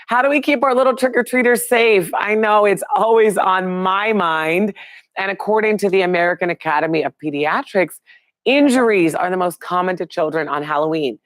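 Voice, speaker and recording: A woman's voice: mid-range voice, moderate pace, no room sound. A middle-aged woman hosting a live online show, chatting casually and upbeat with viewers and reading out their names.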